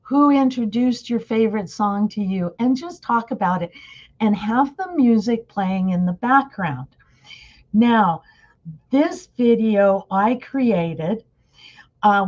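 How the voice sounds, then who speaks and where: A woman's voice: medium pitch, darkish tone, lo-fi sound. A woman giving a casual webinar talk over a video call, chatty and often asking her listeners questions. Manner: chatty, asks the audience questions. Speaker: conference presenter.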